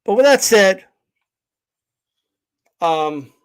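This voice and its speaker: Brief: high-voiced man, livestream host, blunt and confrontational rant. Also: lively intonation, drawn-out words, background noise. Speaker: boxing channel host.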